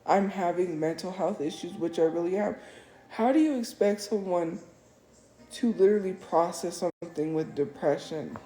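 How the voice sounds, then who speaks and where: A woman's voice: on the low side, moderate pace, dark tone. Upset woman livestreaming in an echoey room. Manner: upset, defensive, repeats herself. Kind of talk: emotional live-stream monologue. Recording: echoey room, faint music.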